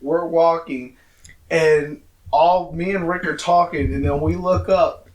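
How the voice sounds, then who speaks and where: A young man with a high voice tells a rambling story on a podcast, laughing and swearing as he goes. He sounds set back from the mic in a roomy, echoing space. Crowd noise carries on behind him. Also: steady tone, slow, a little mellow, recorded from a distance, highs cut off. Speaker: podcast co-host. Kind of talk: casual chat.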